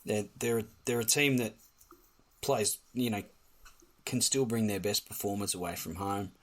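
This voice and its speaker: A man co-hosting a podcast, giving a measured match prediction. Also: fairly low pitch, fairly even intonation. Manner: measured tipster, sharp one-liners. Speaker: podcast co-host. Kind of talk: casual sports chat.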